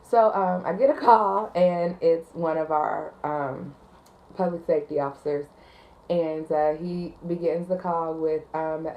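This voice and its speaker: Low-voiced woman telling a work story. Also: a little slow, lo-fi sound. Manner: chatty, frequent ums and likes, laughs at her story. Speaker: 911 call taker and dispatcher. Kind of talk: casual storytime vlog.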